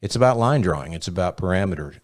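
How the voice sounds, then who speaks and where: A man with a very low, deep voice hosts a loose podcast conversation. He rambles through anecdotes and swears freely as he talks. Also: lively intonation, fast. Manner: profane storyteller, rambling. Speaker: podcast host. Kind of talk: casual chat.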